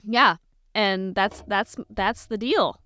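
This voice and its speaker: A woman co-hosting a podcast, talking in an animated, teasing way in casual chat. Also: mid-range voice, slow pace, no echo. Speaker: podcast co-host.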